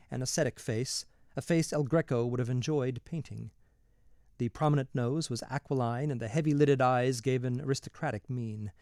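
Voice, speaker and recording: Brief: male reader, measured storybook narration, middle-pitched, dry close sound. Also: a little mellow, no room sound. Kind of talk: reading a novel aloud.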